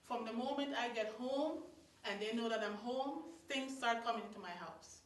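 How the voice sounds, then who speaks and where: A woman from Guyana with a Guyanese accent, telling stories to a live audience in a lively, chatty way, laughing between lines. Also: on the high side, normal speed. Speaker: storyteller. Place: meeting hall of a religious society. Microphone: distant room mic. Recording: echoey hall from far off.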